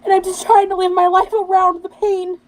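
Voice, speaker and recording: A woman's voice: extremely high pitch, flat delivery, fairly quick. A woman on a livestream talking defensively and wearily about feeling disbelieved. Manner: aggrieved, defensive, tired. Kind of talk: livestream monologue.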